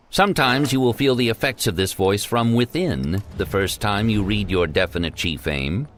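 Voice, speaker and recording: A man narrates an old self-help text, his lowish voice rising and falling with lively emphasis. The reading is measured and deliberate, pressing on key words. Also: a little hiss or hum.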